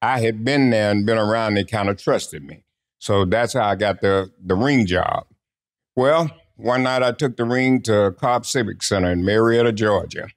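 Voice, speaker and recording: Older man telling lively stories. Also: on the low side, moderate pace. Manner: lively anecdotal storyteller who acts out quotes. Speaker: interview guest. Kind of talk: casual storytelling interview.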